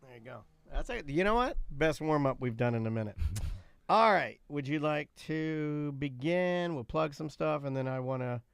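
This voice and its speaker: Animated storytelling male co-host, dry sound. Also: fairly high pitch, moderate pace, creaky, clear, resonant tone, no echo. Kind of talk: casual live-stream chat.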